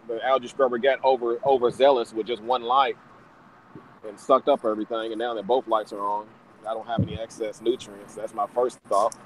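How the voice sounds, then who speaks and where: A relaxed man chats casually on a group call, often restarting and repeating phrases as he thinks aloud. His voice sits at an ordinary middle pitch. Faint vehicle noise runs underneath. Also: rough recording. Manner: laid-back, repeats himself while thinking. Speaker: reef hobbyist, chat participant.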